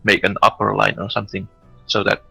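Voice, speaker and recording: A man playing a tabletop game, speaking haltingly with many pauses. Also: on the low side, completely flat delivery, gravelly, bright, forceful tone, slightly rough, soft background music, low-quality recording. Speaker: player. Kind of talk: casual tabletop game play.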